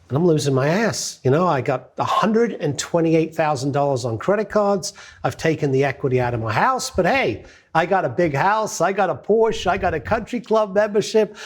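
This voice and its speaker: A middle-aged man with a medium-pitched voice delivers a lively, anecdotal monologue about a business success, acting out the quotes as he goes.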